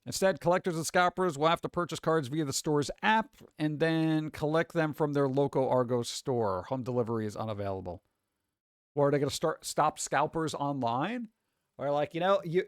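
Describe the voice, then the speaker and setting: A man's voice: fairly high pitch, dry recording, clean studio sound. A man hosting a casual commentary show, reading a news story aloud and breaking off into rambling, sarcastic asides. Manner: rambling, sarcastic asides, frequent fillers and restarts. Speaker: host.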